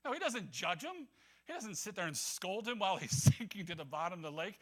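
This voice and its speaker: A man's voice: high voice, big pitch swings, brisk. A man preaching a casual, conversational sermon, acting out the voices of biblical figures and laughing often.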